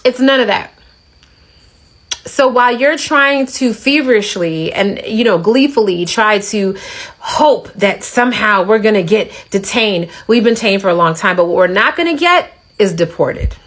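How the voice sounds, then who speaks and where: A woman's voice: mid-range voice, expressive, moderate pace, fairly bright tone, low-quality recording. A woman in a played video clip, ranting casually and indignantly to her viewers, repeating lines for emphasis.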